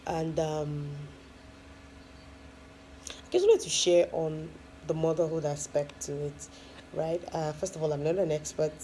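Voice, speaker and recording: A woman's voice: sits low, lively intonation, unhurried, long pauses, dark tone, slight background noise, low-quality recording. A woman, a first-time mom, casually telling her own story with lots of fillers and frequent laughs. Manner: chatty, many fillers, laughs often.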